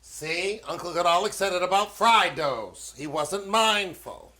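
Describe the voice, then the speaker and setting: In a home kitchen, a man with a Maine accent hosts a playful cooking demonstration for children, his voice sitting high with a bright, forceful tone at a measured pace. He talks fussily to the kids and breaks into old-fashioned exclamations.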